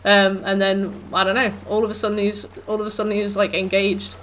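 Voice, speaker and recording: A young woman streaming a game and chatting with her viewers in a loose, rambling way. Her talk is full of "like" and "um", and her pitch sits in an ordinary middle range. A faint hiss of noise runs behind her voice. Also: level tone, brisk, fairly bright tone. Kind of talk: casual chat with viewers while gaming.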